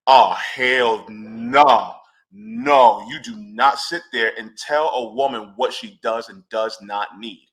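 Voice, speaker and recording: A man speaking on a panel discussion, impassioned and animated, cursing when riled. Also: medium pitch.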